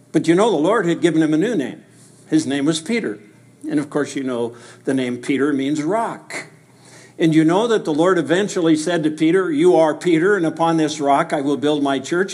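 Man preaching a verse-by-verse sermon. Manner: dramatic voicing of quoted dialogue, dropping low and soft for Jesus' lines; emphatic rhetorical questions with chuckles.

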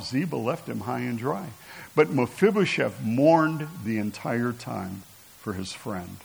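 A man's voice: mid-range voice, gravelly, breathy edge, poor audio. A man preaching a conversational sermon, reading scripture aloud and asking his listeners rhetorical questions. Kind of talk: sermon teaching.

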